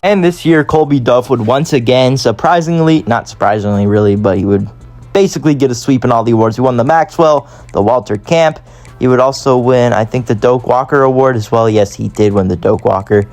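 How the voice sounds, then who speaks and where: A man's voice: medium pitch, fairly quick, a little mellow, soft background music. A man giving casual gameplay commentary, rambling and often correcting himself. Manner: rambling, self-correcting, chatty. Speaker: gaming YouTuber.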